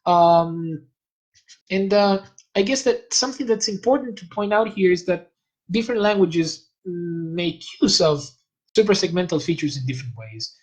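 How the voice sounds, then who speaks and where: In this low-quality recording, a high-pitched man whose mother tongue is Spanish lectures as a guest expert at an academic event. He lays things out in a measured way, stopping at times to find the right term.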